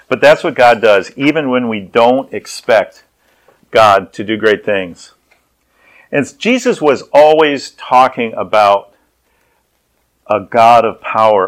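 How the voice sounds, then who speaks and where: A male preacher telling a sermon story in a relaxed, conversational manner. His voice sits at an ordinary middle pitch. He often repeats and restarts words as he goes.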